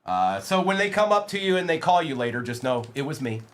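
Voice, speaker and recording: A man with a somewhat high voice hosts a live trading card break, rattling off player names as each pack opens. He trades playful jabs with his chat between the pulls. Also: sing-song, brisk, a bit bright, slight background noise. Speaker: livestream card break host.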